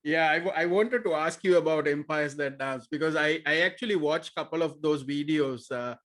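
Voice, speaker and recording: A man's voice: a little high, a little fast, a bit bright. A man hosting an interview, mostly giving short acknowledgements and asking about the guest's videos. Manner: brief encouraging responses. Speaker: podcast host. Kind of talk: casual interview.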